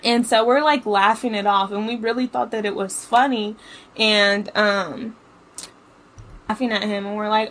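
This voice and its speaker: With a steady, fairly bright medium-pitched voice and measured pace, a young woman hosts a podcast and casually tells a story. She curses often and leans heavily on fillers, especially "like."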